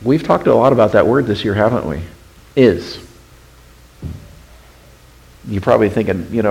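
A man preaching a sermon as pastor, questioning the congregation and swinging between hushed, intimate passages and emphatic, raised ones. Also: lowish voice, animated, fast talker, vocal fry, rough recording.

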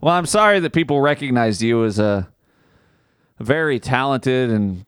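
A man's voice: mid-range voice, expressive, normal speed, smooth, no room sound, clean studio sound. A man co-hosting a podcast in casual, drunken banter, giggling and breaking into silly mock-announcer bits. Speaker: podcast co-host.

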